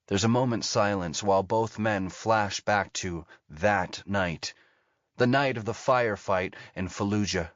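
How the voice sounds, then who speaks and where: A man narrating an audiobook thriller in an even, steady storytelling manner. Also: fairly low pitch, dry recording. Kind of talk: scripted narration. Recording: dull lo-fi audio.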